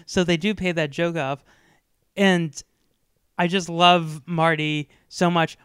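A man co-hosting a casual podcast chat who keeps breaking into loud, exaggerated impressions of lines he quotes. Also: fairly high pitch, steady tone, takes it slowly, smooth, dry recording, clean studio sound. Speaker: podcast co-host.

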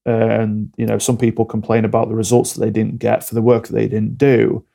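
A man speaks as a coaching guest on a podcast. He is blunt, direct and motivational. His low voice stays level, with a gravelly, mellow tone. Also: completely flat delivery, brisk. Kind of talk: podcast interview talk.

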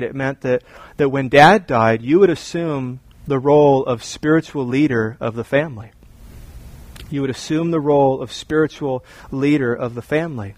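A middle-aged man preaching a sermon, animated and storytelling, often repeating words as he builds his point. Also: medium pitch, dry recording. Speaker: pastor.

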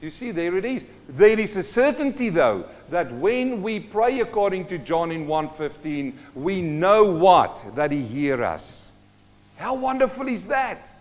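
A man's voice: high-pitched, very animated, a little slow. A man preaching a sermon, asking his congregation questions as he teaches. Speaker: pastor. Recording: dull sound with long hall reverb.

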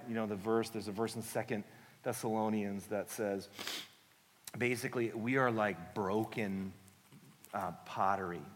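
A man preaching a sermon in a conversational, earnest way, dropping soft and slow for reassuring lines. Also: fairly low pitch. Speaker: guest preacher, book author. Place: church sanctuary. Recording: long church hall reverb.

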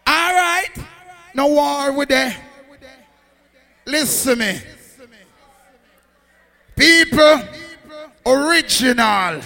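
A MC hyping a dancehall crowd in a high, gravelly voice, dragging his shouted calls out slowly. His sing-song patois bounces around a big hall with a long echo and music underneath. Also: lively intonation. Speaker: sound clash MC. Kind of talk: live dancehall hype hosting.

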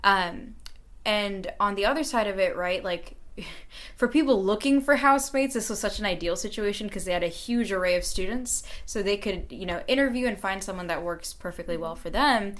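A woman's voice: medium pitch, moderate pace, fairly bright tone. A young woman in her late teens, a student, telling her story in a casual radio interview, earnest and chatty with frequent fillers. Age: young adult.

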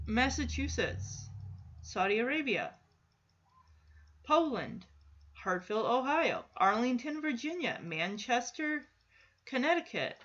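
Woman podcast host, casual solo chat, bright and excitable, lo-fi sound. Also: a little high. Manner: chatty and excitable, with frequent laughs.

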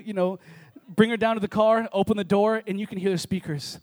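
A man preaching a lively sermon to a congregation, telling funny stories. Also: high-pitched, a little fast, hardly any pauses. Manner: energetic, joking storyteller. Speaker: pastor. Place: church service with congregation.

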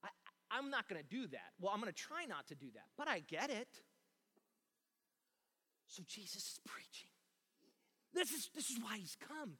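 A man preaching a sermon as pastor, talking emphatically and building to loud shouts. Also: high voice, sing-song, fast talker, breathy edge. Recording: long reverb of a large hall.

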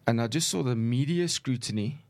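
A middle-aged former football referee, relaxed and anecdotal, telling stories in a conversational interview. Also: male voice, mid-range voice, fairly quick. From South Africa. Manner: relaxed, anecdotal, chuckles while recounting. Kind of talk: conversational storytelling.

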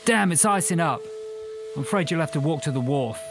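A man's voice: fairly high pitch, animated, fairly quick, music in the background, voice pushed up. A man voicing an impatient male taxi driver in a spoken story. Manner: impatient, brusque.

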